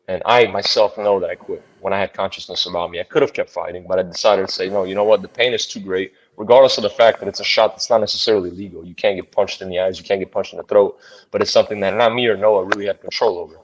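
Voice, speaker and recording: A man, a bare knuckle fighter, telling a fight story in an interview in a blunt, profane, animated way. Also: deep voice, fast talker, muffled recording.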